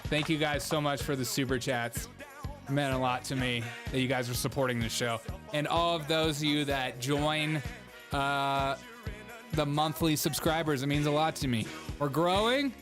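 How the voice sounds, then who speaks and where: A man with a slightly higher-than-average voice hosts a casual live stream. He talks sarcastically and mockingly, laughs often, and reads out viewer messages, with faint music playing behind him. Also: normal speed. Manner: reads viewer chat aloud.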